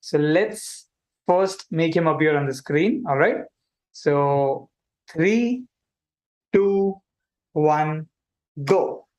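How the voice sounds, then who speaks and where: A man's voice: a little high, extremely slow, pauses often. A man playing a chatty alien host. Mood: cheerful. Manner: animated, chatty, addresses viewers directly. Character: friendly male alien visitor hosting a kids' stream. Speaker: livestream host. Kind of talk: playful kids' livestream hosting.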